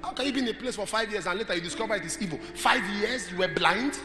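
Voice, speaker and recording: A man with a Nigerian accent preaching a sermon, moving between loud, shouted lines and quiet storytelling and often asking his listeners questions. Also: sits high, fast talker. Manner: swings from shouting to soft storytelling, asks the crowd questions. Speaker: pastor. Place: church hall. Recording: large hall with reverb and music behind.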